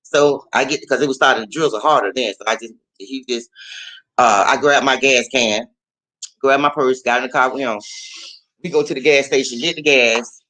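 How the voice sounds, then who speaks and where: A man hosting his own show, telling a story in casual, profane, animated style and acting out the voices in it. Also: normal speed, poor audio. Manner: animated and profane, acting out quotes with big pitch jumps. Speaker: host.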